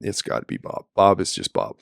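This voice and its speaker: A man's voice: low-pitched, sing-song, fairly quick, vocal fry, no room sound, studio quality. A man in his forties, a former football player guesting on a podcast, chatting casually with wry, self-deprecating jokes. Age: 40s. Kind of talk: casual chat.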